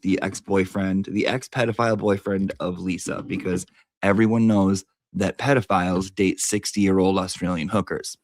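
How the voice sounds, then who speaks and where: Crude, rambling low-voiced man. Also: dry recording, clean studio sound. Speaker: online commentator. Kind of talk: casual commentary.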